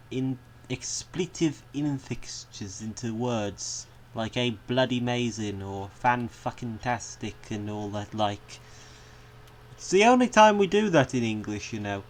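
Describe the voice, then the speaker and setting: A man giving casual let's-play commentary on a game, chatty and rambling, wandering off on amused tangents. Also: medium pitch. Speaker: gaming video creator.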